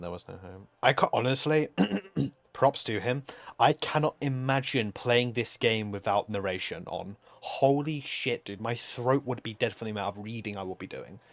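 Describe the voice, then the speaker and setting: A man's voice: lowish voice, normal speed. A male streamer giving rambling gameplay commentary, laughing and swearing casually.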